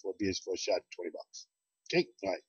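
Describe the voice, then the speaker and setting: Brief: quick, husky bar host with folksy, repetitive sales patter, recorded dull and lo-fi. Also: male voice, low voice, sing-song, no echo. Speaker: bar host promoting events. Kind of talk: casual promo talk and joke telling. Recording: dull lo-fi dry sound.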